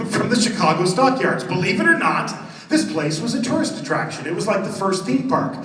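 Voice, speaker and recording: A man with a notably high voice describes a horror attraction from a convention stage, joking and relishing the gruesome details. The sound is distant and roomy, captured from the audience in a big reverberant hall. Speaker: haunted attraction designer presenting on stage. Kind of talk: live stage presentation. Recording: roomy hall recorded from far off.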